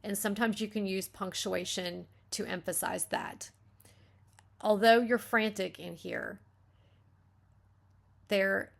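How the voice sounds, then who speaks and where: A woman with a gravelly edge to her mid-range voice gives a spoken critique as a beta reader. She thinks aloud, breaking off and restarting her sentences. She acts out lines of dialogue to show where the emphasis belongs. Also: mid-range voice. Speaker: beta reader giving feedback.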